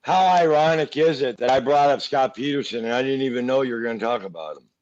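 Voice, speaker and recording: A man co-hosting a live stream, talking slowly and in a laid-back way, laughing easily. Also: mid-range voice, darkish tone. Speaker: co-host. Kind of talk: casual live-stream chat. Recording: dull lo-fi line.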